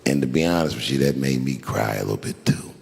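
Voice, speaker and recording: A man doing a stand-up comedy set on stage, telling stories in an animated way and acting out other people's lines. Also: rumbling low, fast talker, creaky, a little hiss or hum. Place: theater stage before a live audience. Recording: live stage recording with crowd and hall echo.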